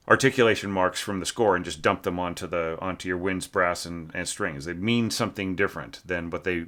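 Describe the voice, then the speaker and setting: During a relaxed score critique, a male orchestration teacher hesitates frequently with filler words and breaks into song to show phrases. He's low-pitched, with a bright, forceful delivery.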